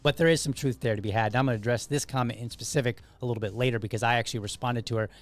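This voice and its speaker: Racing along in a mid-range voice with fairly even intonation, a man hosts his podcast, going through comments. It's casual solo commentary, loose and conversational, packed with restarts and asides.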